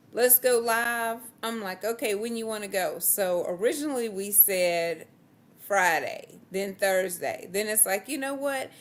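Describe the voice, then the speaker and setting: A woman with a Southern US accent hosting a relaxed, upbeat live-stream chat. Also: medium pitch. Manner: relaxed and upbeat, slow-paced. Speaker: host.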